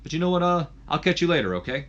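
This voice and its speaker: A man voicing a confident male wrestling champion who talks slowly. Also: on the high side, sing-song, a bit bright, dull audio, pitched above the performer's own voice. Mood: cocky.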